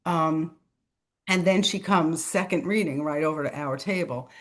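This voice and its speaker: A middle-aged woman, a guest on a talk show, telling a personal story in a casual, animated way, acting out the voices of the people she quotes and laughing between phrases. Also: sits low, unhurried. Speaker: podcast guest, author.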